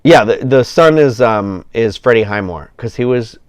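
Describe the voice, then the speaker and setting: A man's voice: mid-range voice, expressive, moderate pace, clear, resonant tone, no room sound, clean studio sound. A man hosting a casual livestream, chatting with his viewers in a rambling, enthusiastic way, full of fillers and restarts, a little tired. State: yawning, tired. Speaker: livestream host.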